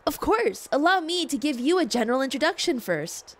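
A woman voicing a polished young female luxury shop owner in a game, with a bright, gentle and politely formal manner. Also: high voice, very animated, brisk, pitched above the performer's own voice. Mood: polite, welcoming. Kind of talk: voicing unvoiced game dialogue.

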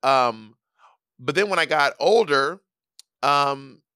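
A man's voice: fairly high pitch, lively intonation, takes it slowly, bright, forceful tone, clear, resonant tone, no echo, clean studio sound. A man with a Southern US accent, co-hosting a podcast in casual, rambling chat full of restarts. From Southern United States. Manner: rambling, with many restarts and fillers. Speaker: podcast co-host.

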